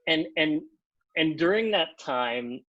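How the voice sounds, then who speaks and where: A man telling a long anecdote on a podcast, animated, acting out the other people in pitched-up voices and leaning on "like" as he talks. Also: slow, dry recording, highs cut off. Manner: animated, acts out quotes in pitched-up voices, many "like" fillers. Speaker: podcast guest, TV comedy writer. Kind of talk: casual storytelling.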